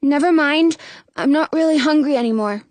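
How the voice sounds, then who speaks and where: A woman's voice: high-pitched, normal speed, darkish tone, no room sound, natural voice. A woman voicing an earnest, curious little boy who blurts out remarks. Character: curious chatty little boy, the narrator's brother.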